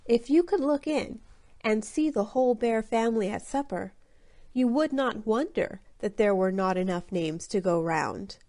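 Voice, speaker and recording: A woman reading a children's story aloud clearly and deliberately for English learners. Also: on the high side, animated, a little mellow. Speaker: audiobook narrator.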